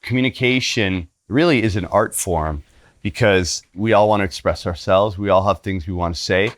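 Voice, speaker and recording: A man's voice: low voice, moderate pace. A man leading a retreat, giving an earnest teaching talk and telling stories. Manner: earnest, acts out voices in stories.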